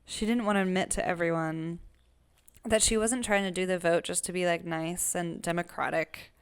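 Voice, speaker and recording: A woman's voice: fairly low pitch, fairly even intonation, normal speed, clean tone. A woman co-hosting a casual book club podcast, chatty and recapping chapters, acting out characters' lines along the way. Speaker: podcast co-host.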